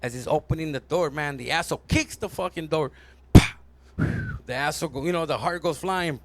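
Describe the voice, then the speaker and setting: A man's voice: a little high, expressive, moderate pace, creaky, no echo. A man telling a stand-up joke in a loose, slangy way, tagging nearly every phrase with "man" or "homie". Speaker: comedian. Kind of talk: stand-up storytelling.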